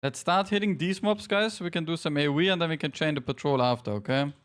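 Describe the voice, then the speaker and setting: Streaming a game live as team leader, this man talks fast in a fairly high-pitched, clean-toned voice. He chats easily with his audience, pokes fun at himself, and directs his teammates as he plays.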